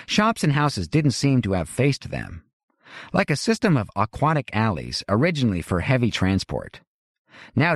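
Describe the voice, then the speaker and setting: A man reading a novel aloud as audiobook narrator, in a measured, wry storytelling manner. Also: lowish voice, no room sound. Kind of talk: scripted narration. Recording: dry close studio.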